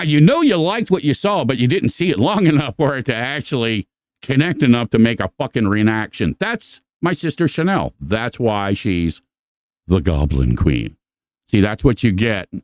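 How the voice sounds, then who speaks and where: Male podcast host, casual and profane, rambling shout-outs, somewhat low voice. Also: smooth, no echo. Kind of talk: casual live-stream chat.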